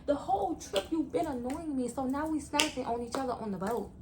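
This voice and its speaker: A young woman vlogger telling a story to her viewers in a chatty, animated way. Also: high voice, a little fast, noisy background. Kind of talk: story time vlog.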